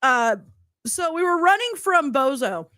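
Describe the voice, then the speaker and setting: A woman hosts a podcast in casual chat, her voice high and bright. She speaks slowly and giggles between crude jokes. The sound is dry and close. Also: very animated, dry recording. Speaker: host.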